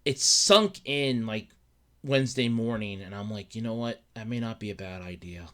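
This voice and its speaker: A man's voice: lowish voice, lively intonation, moderate pace, bright, forceful tone. Rambling, upset young man podcasting solo. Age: young adult. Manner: rambling, repeats words, acts out his own thoughts. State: upset and dejected. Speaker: podcast host. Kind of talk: casual solo podcast rant.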